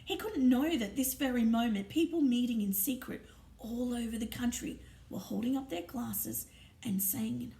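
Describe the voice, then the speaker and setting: Woman reading a storybook aloud, hushed. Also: on the high side, normal speed, gravelly, slight background noise. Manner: expressive, hushed narration. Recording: roomy echo, distant mic, faint ambience.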